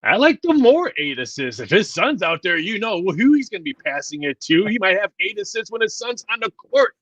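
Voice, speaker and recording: A man's voice: high-pitched, very animated, fairly quick, a bit bright, no echo. Jokey male panelist, dull lo-fi audio. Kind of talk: sports betting show chat.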